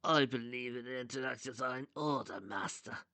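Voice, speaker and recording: A man voicing a smug, scheming male villain with claws who talks smoothly. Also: mid-range voice, a little fast, bright, forceful tone, no echo.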